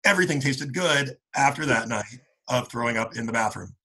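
In a fairly quick, husky, mid-range voice on a low-quality recording, a man in his late forties rambles through a long college story for old friends. He uses "like" a lot and acts out his friends' lines in animated voices.

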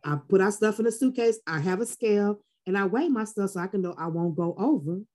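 A woman's voice: medium pitch, brisk. A woman in her forties from the Texas Gulf Coast. She talks casually as a podcast guest and tells her stories with lots of life. She often jumps into the voices of the people she quotes. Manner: animated storyteller who acts out quotes.

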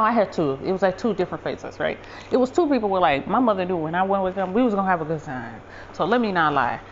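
A woman's voice: on the low side, slight background noise. Woman rambling through a story, lo-fi. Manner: rambling, self-correcting, conversational. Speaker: podcast host. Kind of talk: casual storytelling monologue.

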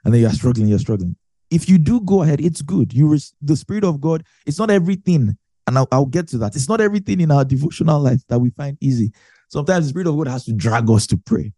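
A man's voice: fairly high pitch, expressive, fast talker, mellow, dry recording. A man preaching a conversational Bible teaching, chatty and self-correcting, laughing often.

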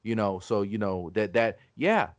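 A man's voice: fairly low pitch, lively intonation, a little slow, no echo. A man hosting a podcast, talking in a casual, argumentative way, swearing often and restarting his sentences. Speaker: podcast host.

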